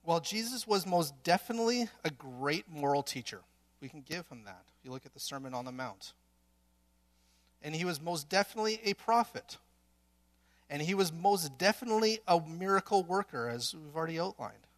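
A man's voice: on the high side, expressive, moderate pace. A man preaching a sermon in earnest, building to emphatic peaks with some restarts.

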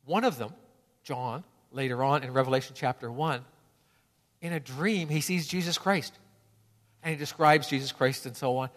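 A man's voice: medium pitch, normal speed, a bit bright, long reverb tail. A male pastor preaching a sermon in an earnest, conversational way, often restarting phrases.

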